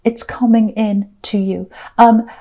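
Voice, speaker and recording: Soft-spoken woman with mellow tone. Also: a little high, level tone, slow pace. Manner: soft, rambling, repeats phrases. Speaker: tarot reader. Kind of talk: tarot reading monologue.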